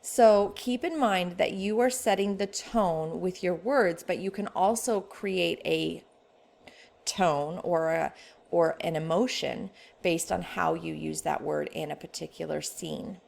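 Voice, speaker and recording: A woman's voice: lowish voice, measured pace, gravelly, a little mellow. A woman editor teaching an online writing workshop in a casual, conversational way.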